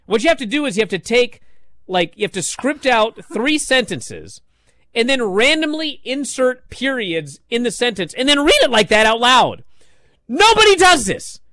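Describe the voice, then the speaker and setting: A man co-hosting a casual podcast, ranting in an animated, exasperated way and mocking lines by reading them aloud. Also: extremely high pitch, normal speed, no room sound. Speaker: podcast co-host. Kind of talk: casual wrestling discussion.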